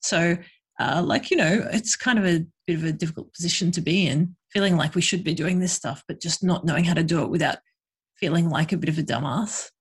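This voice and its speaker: Woman guest, husky, frank and chatty. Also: lowish voice, fairly quick. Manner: frank, chatty, lots of fillers. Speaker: guest, sex worker and educator. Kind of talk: casual podcast conversation.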